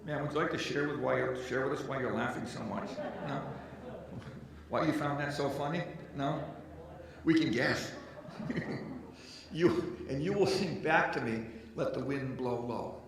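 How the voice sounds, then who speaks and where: A man's voice: medium pitch, a little slow, creaky, distant mic, a crowd in the background. A man, a folk musician, telling stories between songs at a live concert and joking with the audience. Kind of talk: on-stage storytelling between songs. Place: arts center stage, live concert. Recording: echoey hall, mic from afar. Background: guitar music.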